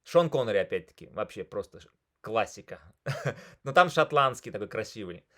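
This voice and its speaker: A man with a Russian accent hosting an English conversation club, talking in a chatty, energetic way and slipping into Russian now and then. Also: lowish voice, a little fast. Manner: switches into Russian mid-thought, energetic and chatty. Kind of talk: casual coaching chat.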